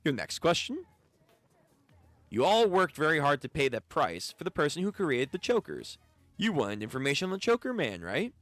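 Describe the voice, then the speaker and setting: A man voicing a calm, polite male information broker who keeps secrets. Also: fairly high pitch, normal speed, no room sound, soft background music. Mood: composed. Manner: smooth, polite, withholding.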